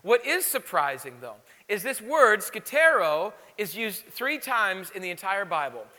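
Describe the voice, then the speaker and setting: A man preaching a sermon as pastor, telling stories with animated exclamations. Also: sits high, unhurried, big-room sound. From Illinois. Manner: animated storytelling, lively exclamations.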